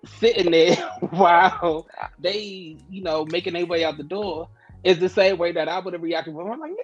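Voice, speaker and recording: High-voiced man with sassy asides. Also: fairly even intonation, moderate pace, muffled recording, soft background music. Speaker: podcast co-host. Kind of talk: casual TV recap chat.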